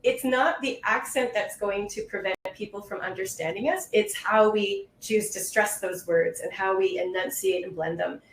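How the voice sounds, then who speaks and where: A woman's voice: medium pitch, normal speed, few pauses, a little hiss or hum. Reassuring woman instructor in a roomy space. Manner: patient, reassuring, explanatory. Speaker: online test-prep instructor. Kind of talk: webinar Q&A answers. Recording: roomy echo.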